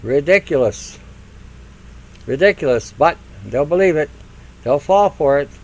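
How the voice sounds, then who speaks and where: A man's voice: on the high side, lively intonation, a little slow, a little mellow, low-quality recording. An older man hosting a radio talk show, ranting in a mocking monologue and acting out silly voices. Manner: mocking, acts out silly voices, laughs at own jokes.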